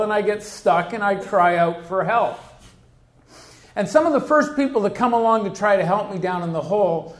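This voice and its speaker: A man giving a humorous recovery talk to a convention, acting out the people in his stories. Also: high-pitched. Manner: storytelling, acts out quoted people. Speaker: recovery speaker. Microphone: handheld mic. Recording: echoey hall.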